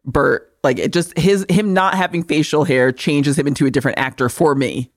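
A woman co-hosting a podcast, recapping a movie in casual chat, swearing freely and animated. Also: low-pitched, normal speed. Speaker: podcast co-host.

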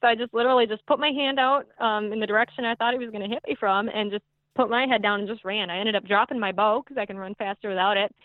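A woman guest telling a hunting story in a podcast chat, excitable and quick, with many fillers. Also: mid-range voice, no echo. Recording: tinny phone-like line, dry.

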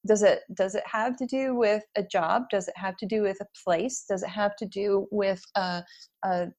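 A middle-aged woman being interviewed as an author, chatting in a lively, storytelling way and laughing often. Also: mid-range voice, normal speed. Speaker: guest author. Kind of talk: casual interview chat.

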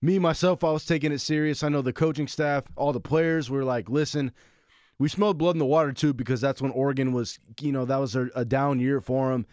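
A man's voice: medium pitch, steady tone, fairly quick, a little mellow, no room sound, studio quality. A man co-hosting a casual sports podcast, a former college football player who tells stories with energy and acts out his own quotes.

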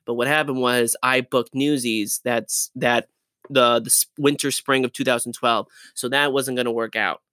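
Young guy chatting in an interview, lively storyteller, laughs easy, close dry sound. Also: mid-range voice, normal speed, clear, resonant tone, dry recording. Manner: animated, laughs often, restarts and trails off mid-sentence. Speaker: guest, Broadway dancer and actor.

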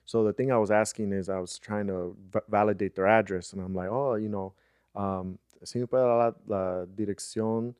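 Man, low voice, casual podcast chat, storytelling, dry close mic. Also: normal speed, clean tone, dry recording. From United States. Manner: storytelling, animated when acting out others. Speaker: podcast co-host.

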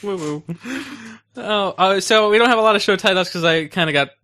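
Bright-voiced young man hosting a podcast. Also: sits high, quick pace. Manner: rambling, hesitant, lots of ums. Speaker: podcast host. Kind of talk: casual chat.

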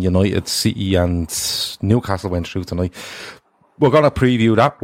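A man's voice: fairly low pitch, darkish tone, no echo, clean studio sound. A man hosting a football podcast, chatting casually and rambling a little as he corrects himself. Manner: rambling, self-correcting, upbeat. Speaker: podcast host.

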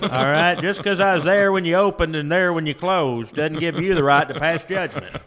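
A man puts on a stubborn diner who won't quit the buffet, drawling out his grievance slowly and loudly. The voice sits fairly high and has a bright, forceful edge. He sounds put out and indignant. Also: close to an everyday voice. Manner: indignant, drawn-out, slow. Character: defiant gluttonous male diner refusing to leave a buffet.

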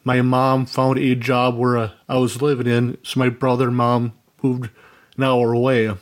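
A man's voice: medium pitch, completely flat delivery, moderate pace. A man from Minnesota calling in to a radio show, telling a story in an earnest, rambling way with many asides. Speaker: caller. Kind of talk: phone-in storytelling.

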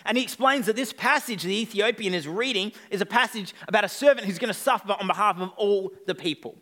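A man's voice: high-pitched, fast, pushed and bright. A male pastor preaching an evening sermon, retelling a story with playful asides to the congregation.

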